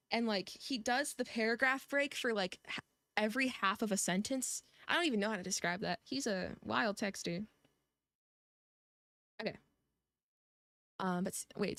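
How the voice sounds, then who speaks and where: A woman's voice: on the high side, a bit bright, no echo. Chatty woman streamer, dry close mic. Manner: rambling, chatty, with frequent restarts. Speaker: game streamer. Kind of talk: casual gameplay commentary.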